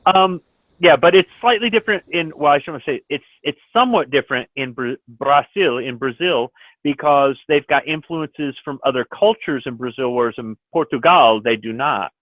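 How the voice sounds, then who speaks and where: A man's voice: fairly high pitch, normal speed, no echo. Opinionated man on a tinny line. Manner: opinionated, explanatory. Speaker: lobby chat participant. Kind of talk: casual chat. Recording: dry tinny phone-like line.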